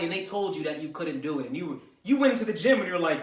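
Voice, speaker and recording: A man's voice: a little high, lively intonation, fast talker, hardly any pauses. Blunt, cursing man in an echoey room. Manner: blunt, profane, lecturing. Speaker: vlogger giving gym advice. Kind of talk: unscripted talking-to-camera rant. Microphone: camera mic. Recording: echoey room, far from mic.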